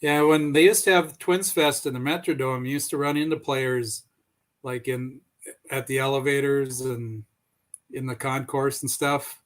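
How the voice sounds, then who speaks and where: A man speaks at a middling pitch in a relaxed, friendly manner. He tells anecdotes conversationally and breaks into a light chuckle now and then. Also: measured pace. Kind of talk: casual chat, storytelling.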